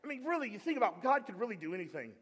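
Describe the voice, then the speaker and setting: A man preaching a sermon as pastor, animated, swinging from shouting to quiet asides. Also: sits high, racing, breathy edge, in a large hall. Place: church sanctuary.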